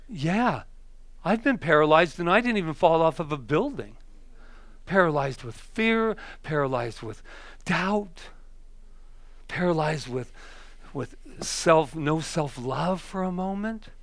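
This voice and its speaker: A man giving a sermon as a minister, telling stories in a conversational, animated way with hesitations and restarts. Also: on the high side, no room sound. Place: church.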